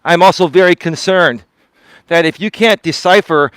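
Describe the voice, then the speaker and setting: A man with a high voice lectures his live stream audience while walking outdoors. He sounds indignant and repeats his points. The sound is dry and close, with little room around it. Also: normal speed, fairly bright tone, smooth, no room sound. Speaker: life coach streamer.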